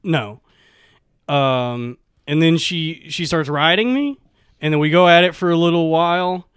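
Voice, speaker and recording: A man's voice: on the high side, a little slow, a bit bright, clear, resonant tone, dry recording, clean studio sound. A man on a podcast, casually telling a candid story, laughing often and acting out the other person's lines.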